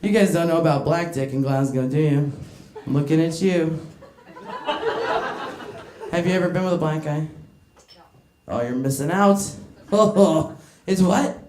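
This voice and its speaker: A woman's voice: low-pitched, unhurried, long pauses, roomy sound, noisy background. A woman doing a stand-up comedy set in a club, brash and crude, working the crowd and laughing between her lines.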